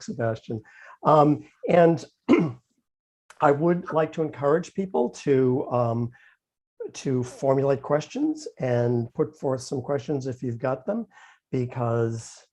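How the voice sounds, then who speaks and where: Brief: male interviewer on a video call, mellow tone, halting with dry wit. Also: mid-range voice. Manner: hesitant, many ums, dry humor. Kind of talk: casual conversation.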